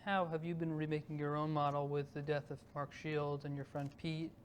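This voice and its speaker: A male interviewer with a somewhat high voice asks short, direct questions. He sounds like he is in an echoey room with a faint hum in the background. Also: flat delivery, moderate pace.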